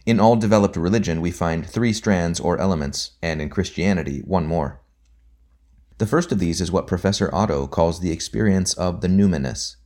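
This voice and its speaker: A man narrating an audiobook in a measured, deliberate reading. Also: low-pitched, darkish tone.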